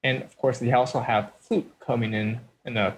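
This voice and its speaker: A man's voice: mid-range voice, fairly even intonation, normal speed, slight background noise, poor audio. A man hosting a let's-play, giving casual commentary and explaining his design choices step by step.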